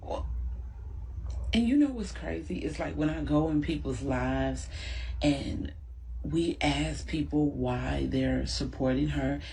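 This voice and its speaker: A woman's voice: low voice, slow pace, gravelly, poor audio. A woman giving incredulous, cursing reaction commentary in slangy talk. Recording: loud hiss and clicks.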